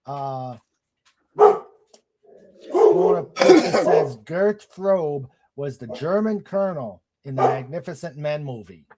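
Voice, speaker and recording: A man with a fairly high voice hosts a loose online talk show. He reads viewer comments aloud and answers them with quick, easygoing replies. Steady background noise sits behind him, with a dog now and then. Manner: reads out comments, short agreeing interjections. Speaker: show host reading chat comments. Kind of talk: casual chat.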